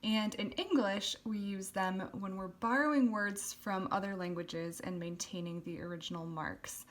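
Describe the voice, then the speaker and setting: A woman's voice: mid-range voice, moderate pace. A woman teaching a lettering lesson, explaining step by step in a patient way, with the odd filler. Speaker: calligraphy teacher.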